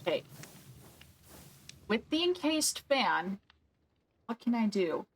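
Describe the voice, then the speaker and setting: A woman's voice: on the high side, big pitch swings, takes it slowly, slightly rough. A woman streaming a game, thinking aloud and questioning herself as she works through a problem. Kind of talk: casual gameplay commentary.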